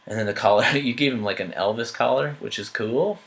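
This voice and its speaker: A man giving an art critique, talking through changes thoughtfully with many pauses, fillers and restarts. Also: mid-range voice, creaky, a bit bright, poor audio. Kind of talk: painting critique while editing on screen.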